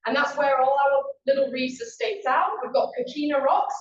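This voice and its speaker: A woman's voice: high voice, expressive, normal speed, a little hiss or hum. A woman giving a casual, upbeat presentation to a meeting audience, chatting and quizzing them as she goes. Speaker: guest presenter. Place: meeting room. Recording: echoey room, far-off dull mic.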